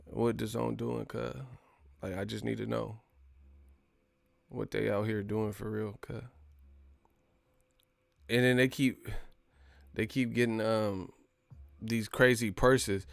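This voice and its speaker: Male stream host, unhurried, gravelly, cussing, casual rant. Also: lowish voice, level tone, no room sound, studio quality. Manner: profane, slangy ranting with laughs. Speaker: boxing live stream host. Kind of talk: casual live stream commentary.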